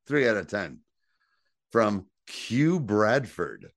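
A man's voice: on the low side, lively intonation, moderate pace, no room sound, clean studio sound. A man co-hosting a podcast, chatting casually and profanely and reading listener reviews aloud. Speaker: podcast co-host. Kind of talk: casual chat reviewing a TV episode.

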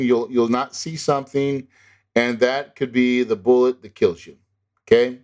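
A man teaching real estate investing in an emphatic, insistent way, often tagging his points with a quick "okay?". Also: mid-range voice, darkish tone. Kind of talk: instructional talk to an audience.

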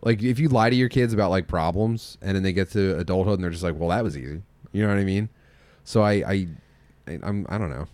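A man's voice: sits low, quick pace, darkish tone, dry recording. A father talking frankly in a casual podcast chat, swearing freely and restarting his sentences as he searches for words.

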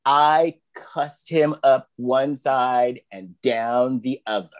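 Slow, deliberate man in dry sound. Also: medium pitch, no echo. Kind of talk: casual chat.

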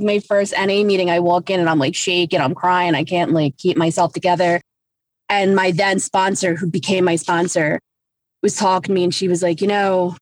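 A woman's voice: medium pitch, no echo. A woman, casually and frankly telling her own story, swearing and acting out what people said. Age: 30s. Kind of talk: candid personal storytelling.

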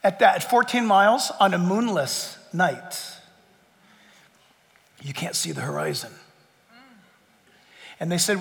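A man preaching a sermon as pastor, emphatic, surging to loud peaks and then sinking low and quiet. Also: lively intonation, slow pace, vocal fry, pauses often. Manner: emphatic, rising to near-shouts then dropping low. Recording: long hall reverb.

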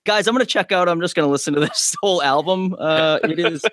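A man co-hosting a casual podcast, excitable and laughing, with lots of "like" and "dude". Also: on the high side, quick pace, a little hiss or hum. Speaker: podcast co-host.

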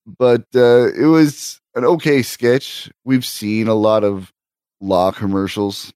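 A man's voice: lowish voice, fairly even intonation, slow, a little mellow, clean tone, dry recording, studio quality. A man co-hosting a casual podcast, giving brief, laid-back opinions on comedy sketches. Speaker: co-host.

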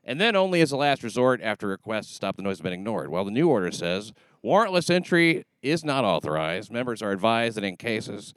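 Brief: low-voiced male podcast host, sardonic banter, dry close sound. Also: sing-song, brisk, few pauses, no echo. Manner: dry, sarcastic joking.

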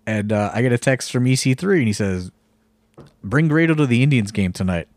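A man's voice: mid-range voice, lively intonation, fairly quick, a little mellow, dry recording. Rambling storytelling man, dry close sound. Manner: rambling storyteller, many fillers and swearing. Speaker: wrestling promoter and podcast co-host. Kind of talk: casual podcast chat.

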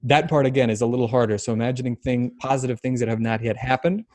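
A man hosting a podcast, explaining ideas thoughtfully with many pauses. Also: medium pitch, fairly even intonation, darkish tone, no room sound. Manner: thoughtful, explanatory, halting with fillers. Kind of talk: casual podcast chat.

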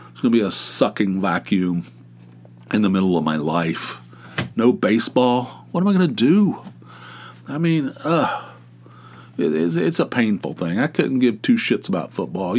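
Male podcast host, solo casual chat, wry and rambling, lowish voice.

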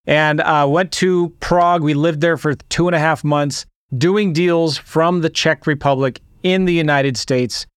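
Upbeat, slightly high-voiced male podcast host. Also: steady tone, unhurried, hardly any pauses, smooth, no echo, studio quality. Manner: enthusiastic, rhetorical questions to listeners. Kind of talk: energetic podcast intro monologue.

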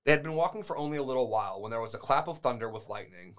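A man's voice: medium pitch, animated, racing, a bit bright. A man co-hosting a podcast, reading a fairytale aloud and breaking off with wry, joking comments. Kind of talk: casual storytelling with asides.

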